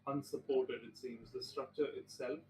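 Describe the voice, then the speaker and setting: Roomy far-off game master, flat voice. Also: male voice, mid-range voice, a little hiss or hum. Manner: descriptive, measured, restarts mid-sentence. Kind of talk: narrating a tabletop game. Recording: roomy distant mic with faint ambience.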